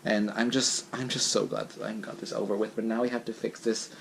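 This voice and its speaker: A man's voice: on the low side, little pitch movement, fairly quick, gravelly, a little hiss or hum. A young man telling a home vlog story in a chatty, dramatic way with many restarts. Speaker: vlogger. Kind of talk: casual vlog talk.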